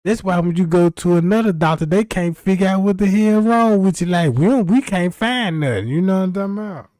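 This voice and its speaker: A man's voice: sits high, fairly even intonation, quick pace, dark tone, no echo, clean studio sound. A man hosting a livestream, telling loose, profane, rambling stories and often checking in with his listeners. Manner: loose, profane, rambling, keeps asking "you know what I'm talking about". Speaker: livestream host. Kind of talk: rambling comedic storytelling on a livestream.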